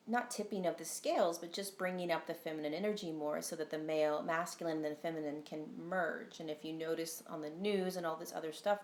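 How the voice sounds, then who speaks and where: On a phone-recorded live stream, a woman with a fairly low, slightly bright voice speaks casually as a spiritual teacher in an echoey room. She's earnest and rambling, often saying "um" and tacking on tag questions.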